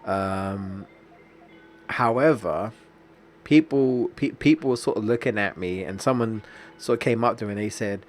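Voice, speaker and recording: A man's voice: fairly low pitch, normal speed. A young man, streaming a video game and telling a long rambling story with lots of restarts. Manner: rambling, anecdotal, many restarts and fillers. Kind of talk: casual gameplay commentary.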